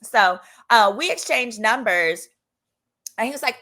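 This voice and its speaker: A woman attorney hosts a casual storytime vlog on her channel, speaking with a strong accent at medium pitch and a moderate pace. Her delivery is animated and chatty, and she slips into voices for dialogue.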